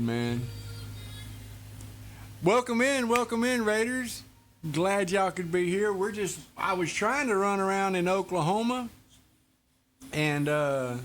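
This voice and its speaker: A man chatting casually with viewers while streaming a truck driving game, laid-back and laughing often. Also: on the high side. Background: faint music.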